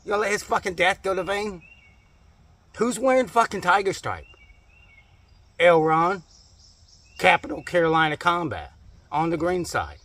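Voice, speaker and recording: A man's voice: high-pitched, animated, normal speed, pauses often, fairly bright tone. A man in a comedic rant, angry and profane, swearing constantly and repeating himself. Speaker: comedic ranting character.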